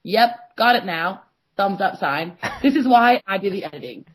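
A woman's voice: mid-range voice, expressive, moderate pace, husky. A woman co-hosting a podcast, telling an exasperated, sweary story in casual chat and mimicking the other person's replies. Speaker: podcast co-host.

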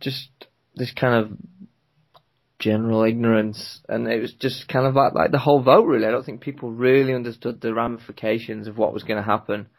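A young man with a gravelly, creaky voice, chatting casually as a podcast co-host. He tells stories in an easygoing, unhurried way and laughs easily. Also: mid-range voice, steady tone. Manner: laid-back anecdotal storytelling, laughs often. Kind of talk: casual chat.

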